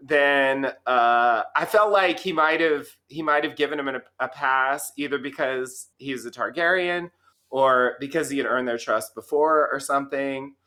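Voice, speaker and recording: A man's voice: medium pitch, unhurried, sharp tone. A man in a casual podcast discussion, hesitant and full of restarts and "like".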